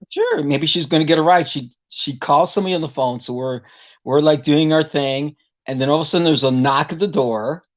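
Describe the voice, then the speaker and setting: A man's voice: fairly high pitch, fairly quick, lo-fi sound. A man, a singer, talking as a guest in a casual interview and telling a long story that rambles and is full of "you know" fillers. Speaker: guest vocalist.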